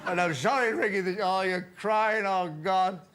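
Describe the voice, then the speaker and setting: A man's voice: sits high, lively intonation, normal speed, noisy background, voice pushed up. A man acting out a tearful, grieving male club secretary in an overwrought, quavering announcement. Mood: grief-stricken.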